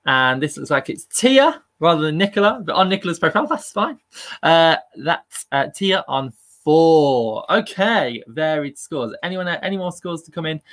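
A man's voice: on the high side, lively intonation, normal speed, a bit bright. Upbeat chatty man hosting a live quiz. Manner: upbeat and chatty, laughing at himself. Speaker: quiz host.

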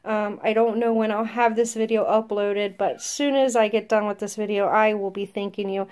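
A woman chatting casually to her viewers as she opens a gift box, soft-spoken and gushing, often stammering with excitement. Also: medium pitch, moderate pace, clean tone. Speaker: vlogger opening a gift box. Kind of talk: casual unboxing chat to camera.

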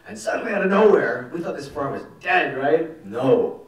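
A man, a film director telling stories at a festival Q&A, animated and rambling and swearing casually. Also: a little high, moderate pace. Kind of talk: festival Q&A storytelling. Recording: echoey hall, mic from far off.

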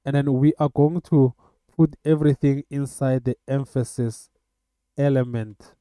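A man teaching web coding in a screen-recorded tutorial, talking in a halting way with many filler sounds. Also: mid-range voice, steady tone, warm tone, smooth, dry recording. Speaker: coding instructor.

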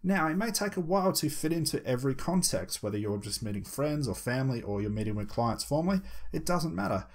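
A man teaching hypnosis, talking to the viewer and slowing down with deliberate pauses to show a hypnotic voice. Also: medium pitch, animated. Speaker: hypnosis instructor. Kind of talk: instructional talk.

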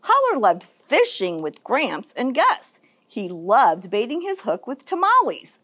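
A woman children's librarian reading a picture book aloud for story time, in an expressive, sing-song storytelling manner. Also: on the high side, a little slow, husky.

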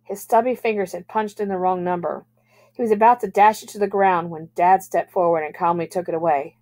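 Woman reading a novel aloud, calm. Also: fairly low pitch. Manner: calm, measured narration.

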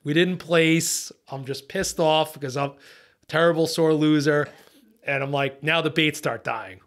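A man with a slightly high voice tells a fishing story in a casual podcast chat. He is animated and swears freely. He acts out what he and the others said. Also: unhurried. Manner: animated, profane storyteller who acts out his own lines. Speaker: charter boat captain.

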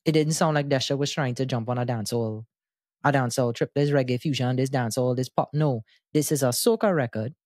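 Animated male podcast host. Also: medium pitch, brisk, dry recording, studio quality. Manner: animated, enthusiastic explainer who breaks into sung bits. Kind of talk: casual music discussion.

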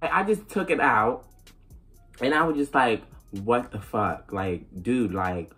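A young adult woman telling a storytime straight to camera. She is animated and profane, and she slips into acted dialogue as she goes. Faint music plays quietly underneath. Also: rumbling low, measured pace. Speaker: vlogger. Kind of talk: casual storytime.

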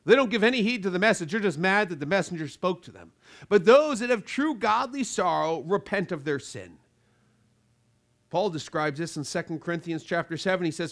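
High-voiced preaching man. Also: lively intonation, a little fast. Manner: emphatic preaching with swings between loud and quiet; acts out quoted voices of listeners. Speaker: pastor. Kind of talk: sermon.

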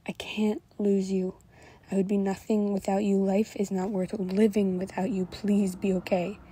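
Girl reading as a worried young guy begging softly, mellow husky voice, storybook read-aloud. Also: mid-range voice, flat delivery, moderate pace. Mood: pleading. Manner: pleading, soft and urgent. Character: young man, anxious devoted boyfriend.

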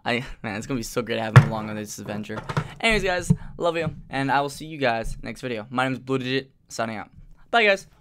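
A man's voice: medium pitch, fast talker, background noise. A young man chatting casually to camera as a vlogger, rambling with lots of fillers and restarts and now and then cooing affectionately at his pet. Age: young adult.

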